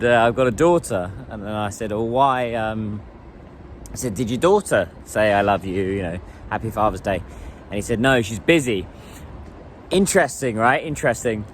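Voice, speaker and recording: A man vlogging in a relaxed, chatty way, musing out loud. He speaks at a medium pitch, and a little street traffic hums faintly behind him. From England. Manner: chatty and reflective, laughs while asking strangers questions in simple Mandarin. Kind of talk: casual vlog talk.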